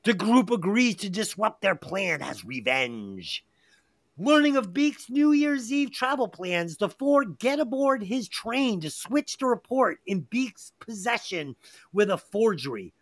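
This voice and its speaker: A man's voice: high-pitched, big pitch swings, measured pace, dry recording. A middle-aged man hosting a movie review podcast, reading plot summaries and chatting with heavy swearing and frequent laughs. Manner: profane, enthusiastic, laughs often. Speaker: podcast host.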